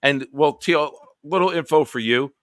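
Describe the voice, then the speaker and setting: Bright-voiced, profane male stream host. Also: on the high side, normal speed, no echo, studio quality. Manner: profane, animated storyteller. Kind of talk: casual late-night storytelling.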